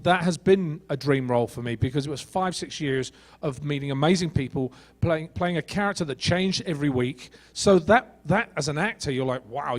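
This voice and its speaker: Brief: middle-aged male actor, raised pitch, lively panel storyteller voicing quoted dialogue. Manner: animated storyteller who acts out quoted dialogue. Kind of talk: convention panel anecdote.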